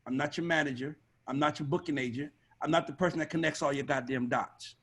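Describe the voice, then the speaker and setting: A man speaking on a video call as an A&R panelist, blunt, profane and animated in a casual panel discussion. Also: on the high side, fast, breathy edge. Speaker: record label A&R panelist.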